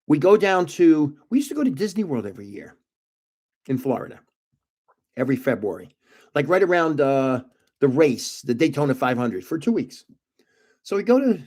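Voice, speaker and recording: A man's voice: medium pitch, darkish tone. An older man, host of a card-collecting stream, telling meandering family stories in a casual way and chuckling at himself. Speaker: host of a trading card livestream. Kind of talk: rambling casual storytelling.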